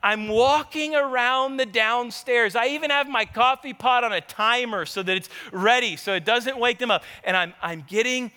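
A man as pastor, preaching a sermon with animated, conversational storytelling and asking the congregation to answer him. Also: extremely high pitch, moderate pace, few pauses, clean tone. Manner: animated, conversational, engages the audience. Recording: long hall reverb.

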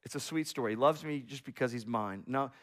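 A man in his thirties preaching a sermon as a pastor, earnest, swinging from slow emphatic stresses to hushed, soft passages. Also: medium pitch.

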